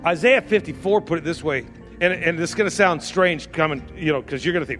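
A pastor in his fifties delivers a fervent sermon in a high, bright voice. He repeats his exhortations and turns to speak directly to listeners in the room. Soft music plays faintly underneath. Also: lively intonation, brisk. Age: 50s. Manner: fervent, repetitive exhortation with asides to the congregation. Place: church sanctuary.

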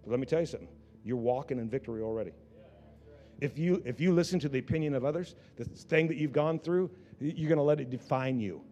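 The audio is dull, capturing a pastor with a mid-range, dark voice who talks fast. He preaches fervently, stumbling and beginning phrases over and over, and long reverb fills the hall.

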